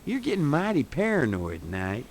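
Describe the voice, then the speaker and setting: An actor playing a gruff, dismissive male police detective in a 1990s adventure game. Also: on the high side, huge pitch swings, moderate pace, a little mellow, slight background noise. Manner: dismissive, mocking.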